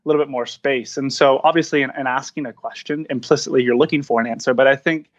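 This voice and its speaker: A man's voice: mid-range voice, steady tone, fast talker, highs cut off. A man speaking as a podcast guest in reflective interview talk, earnest and searching, with frequent restarts. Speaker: podcast guest, founder of a coaching practice.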